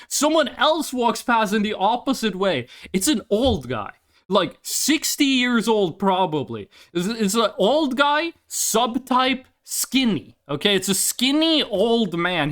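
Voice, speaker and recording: A man's voice: sits high, a bit bright. A young adult man chatting casually on a live stream and telling a story with lots of profanity.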